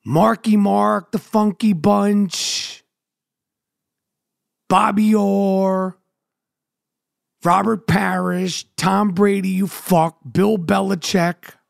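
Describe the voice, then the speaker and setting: A man's voice: high-pitched, vocal fry, no room sound, studio quality. A man from New York hosting a podcast, ranting about sports with heavy swearing and sing-song chanted intros. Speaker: podcast host. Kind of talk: profane sports rant.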